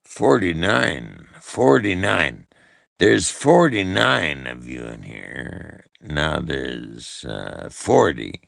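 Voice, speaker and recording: A man's voice: extremely low pitch, expressive, extremely slow, creaky, fairly bright tone, no room sound, studio quality. A man hosting a live stream, delivering a profane, repetitive, mocking rant. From Canada.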